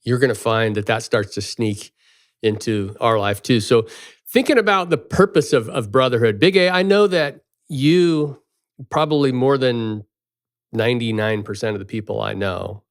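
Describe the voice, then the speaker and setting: Earnest man with halting restarts. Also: medium pitch, lively intonation, dry recording, clean studio sound. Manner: earnest, hesitant, with frequent restarts. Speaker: podcast co-host. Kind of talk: casual conversation.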